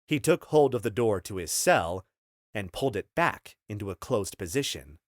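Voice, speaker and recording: A man's voice: on the low side, lively intonation, normal speed, dry recording. A man narrating an audiobook in a scripted style, telling the story steadily on a close studio mic.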